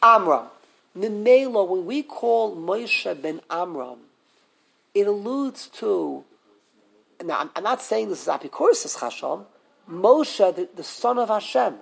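A man teaching a live Torah class, animated and full of questions to the students, often restarting his sentences. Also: high-pitched, unhurried, creaky, breathy edge.

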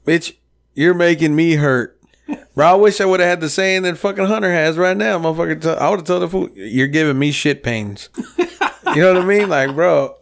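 A man in his thirties with a slightly high voice, swearing freely through a rowdy, casual podcast chat. He tells garage stories and acts out every quote in character. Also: normal speed, vocal fry. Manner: profane, rowdy storytelling with acted-out quotes. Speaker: podcast co-host.

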